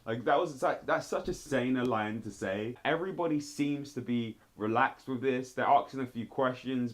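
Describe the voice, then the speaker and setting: A man giving blunt, animated commentary on a TV show, with sudden jumps in pitch as he talks straight at the people he reviews. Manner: blunt, addresses people directly. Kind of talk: casual commentary video.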